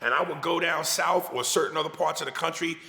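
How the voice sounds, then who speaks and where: A man's voice: on the high side, steady tone, fast talker, gravelly, pushed and bright, reverberant. A man from New York with a New York accent, a comedian ranting animatedly and profanely in a casual interview. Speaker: comedian guest.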